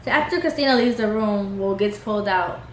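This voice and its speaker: Young woman vlogger, casual reality-TV recap, chatty filler-heavy delivery, echoey room with faint hiss. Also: a little fast. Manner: chatty, heavy use of "like", mimics cast members in higher pitch. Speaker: reality TV reviewer.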